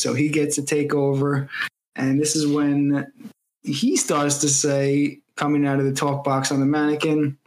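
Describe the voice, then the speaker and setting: A man's voice: medium pitch, poor audio. A man co-hosting a casual movie podcast, steadily retelling a film's plot. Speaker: podcast co-host.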